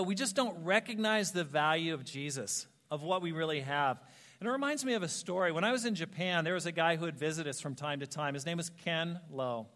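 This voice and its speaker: A pastor preaching a sermon in a church, telling personal stories in an animated way and acting out the voices of people he quotes. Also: on the high side. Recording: long hall reverb.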